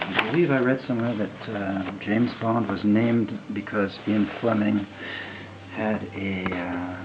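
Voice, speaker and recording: A man in his fifties casually reviewing a fountain pen, talking in a halting, rambling way with lots of fillers and trailing off as he writes. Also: lowish voice, muffled recording, noisy background. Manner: rambling, halting, many fillers, drifts to a mutter while writing. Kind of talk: casual unboxing and writing test.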